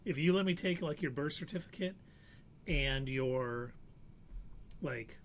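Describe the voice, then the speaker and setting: A man's voice: mid-range voice, measured pace, a little hiss or hum. A man on a live show casually telling a long anecdote, acting out the people in it. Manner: animated anecdote teller, acts out quoted voices. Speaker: podcast co-host. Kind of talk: casual storytelling chat.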